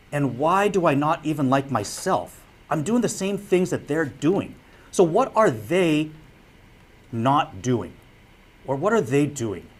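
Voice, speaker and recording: Guy teaching a broadcasting class, earnest, direct, middle pitch, keeps repeating the main tip. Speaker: broadcasting instructor and former sportscaster. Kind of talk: public lecture.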